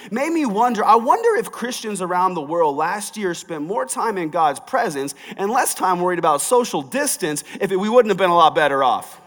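A pastor preaching a sermon, reading scripture and then talking it through in a conversational, sometimes emphatic way. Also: male voice, sits high, lively intonation, brisk, few pauses, fairly bright tone, long reverb tail.

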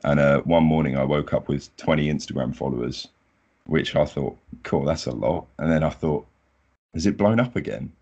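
Young man, booming deep voice, relaxed modest guest, dull lo-fi audio. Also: normal speed, breathy edge. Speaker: podcast guest. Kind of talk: casual chat.

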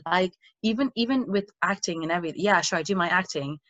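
A young Irish actress, appearing as a guest, chats casually in an Irish accent with American touches, acting out the people she quotes. Her voice sits on the low side and is a bit bright, and she talks fast with hardly any pauses. The recording is dry, muffled and dull.

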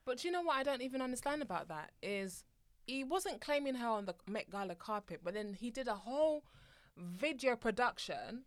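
A woman co-hosting a casual podcast chat, animated and laughing as she tells stories. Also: fairly high pitch, brisk, dry recording, clean studio sound. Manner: animated, laughing, restarts while storytelling. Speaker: podcast co-host.

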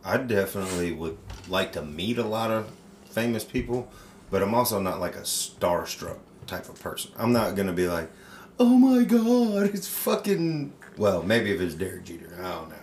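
A man's voice: low-pitched, a little fast, a little hiss or hum. A man on a casual podcast telling a story animatedly, swearing freely and acting out the voices. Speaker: podcast co-host. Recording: roomy echo.

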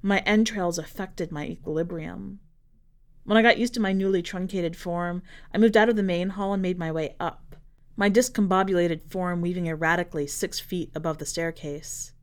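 A woman narrating a dark short story for a fiction podcast in a measured, dramatic reading style. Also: lowish voice, steady tone. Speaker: podcast editor and reader.

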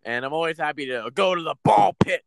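A man's voice: fairly high pitch, expressive, fairly quick, vocal fry. A man co-hosting a casual podcast, speaking hesitantly with many fillers and joking. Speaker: podcast co-host.

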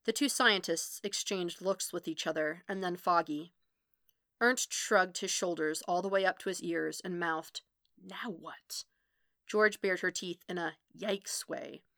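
A woman narrating a fan fiction audiobook with expressive reading that quickens in the tense passages. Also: on the low side, no room sound, studio quality. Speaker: podfic reader.

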